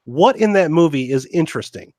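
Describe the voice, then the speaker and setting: A man's voice: a little high, lively intonation, a little fast, a little mellow, no room sound, clean studio sound. A man co-hosting a podcast, ranting in casual chat and exasperated, swearing often. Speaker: podcast co-host.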